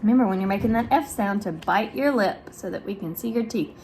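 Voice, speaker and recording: A darkish-toned woman's voice belongs to a speech therapist sharing a picture book with young children, with slight noise in the background. She speaks slowly and musically, over-articulating sounds, asking questions, and using big exaggerated pitch rises for praise.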